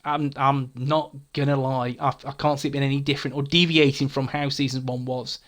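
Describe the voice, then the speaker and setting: A man's voice: medium pitch, flat delivery, brisk, fairly bright tone. A man hosting a gaming channel, casually answering viewer comments in a frank, chatty way, often stumbling and repeating words.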